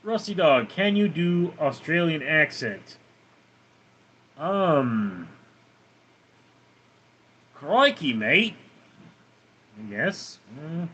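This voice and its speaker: A man's voice: fairly high pitch, lively intonation, slow, fairly bright tone. A man live-streaming from home with his cats, reading viewer comments aloud and answering them offhandedly. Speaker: livestreamer reading chat. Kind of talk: casual live-stream chat.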